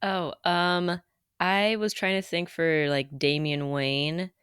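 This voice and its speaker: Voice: medium pitch, level tone, slow pace, a bit bright, smooth, no echo, studio quality. A podcast co-host in casual chat, playful and joking at their own expense. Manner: playful, self-mocking asides.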